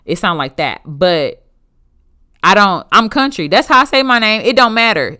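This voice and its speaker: Young woman, podcast host, blunt and emphatic motivational talk, mid-pitched, down-home speech. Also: animated, a little fast, bright, forceful tone. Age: young adult. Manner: emphatic, blunt and conversational, with dialect grammar.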